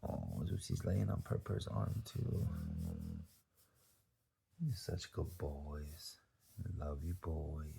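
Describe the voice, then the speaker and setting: A man vlogging at home and softly cooing to his dogs in baby talk. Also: very deep voice, slow, creaky, long pauses, a little hiss or hum. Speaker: dog owner vlogger.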